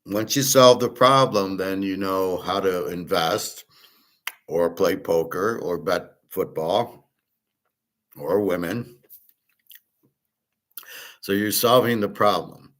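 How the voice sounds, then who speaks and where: A man's voice: low voice, takes it slowly, pauses often, fairly bright tone. A middle-aged man hosting his own show, talking in a loose, digressive monologue full of restarts and filler words. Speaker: host. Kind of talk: rambling casual monologue.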